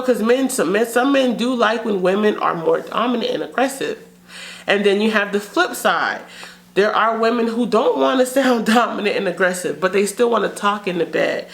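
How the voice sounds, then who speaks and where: A woman hosting her channel, giving frank, chatty advice and dropping into low sultry voices for examples. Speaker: channel host. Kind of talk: casual advice talk to camera.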